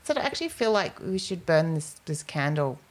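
A woman's voice: low voice, big pitch swings, a little fast. A woman co-hosting a casual podcast, telling stories and acting out the lines people said. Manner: storytelling, acts out quoted speech. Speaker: podcast co-host. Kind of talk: casual chat.

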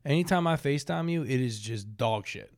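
A man's voice: medium pitch, lively intonation, a little fast. A young man co-hosting a podcast, teasing and sarcastic in casual banter. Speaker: podcast co-host. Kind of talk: casual chat.

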